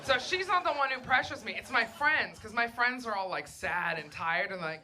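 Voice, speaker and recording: A young woman performing a crude, brash stand-up set on a comedy club stage, with deadpan delivery, mocking voices and audience laughter behind her. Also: fairly high pitch, moderate pace, few pauses.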